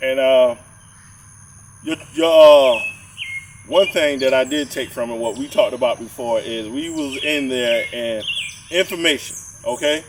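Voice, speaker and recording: A man's voice: mid-range voice, unhurried, far from the mic, noisy background. A man co-hosting a podcast, rambling in casual chat and often repeating his words as he makes a point. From southern Georgia, US. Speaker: podcast co-host.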